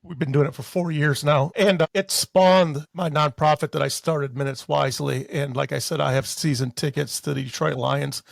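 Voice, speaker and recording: A man hosting a podcast, speaking in an unhurried, casual way with frequent "uh" fillers. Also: on the high side, steady tone, gravelly, dry recording, clean studio sound. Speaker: podcast host. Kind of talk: casual chat.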